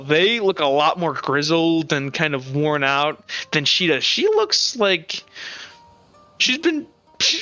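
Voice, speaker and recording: Rambling, bright-voiced game master. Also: mid-range voice, dull audio. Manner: rambling, lots of "kinda" and "like". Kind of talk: narrating a tabletop game.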